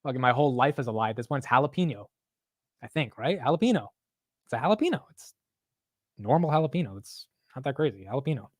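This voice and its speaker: A man hosting a live market show, talking casually in an animated, profane, self-mocking way. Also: medium pitch, quick pace, no echo, studio quality. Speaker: market livestream host.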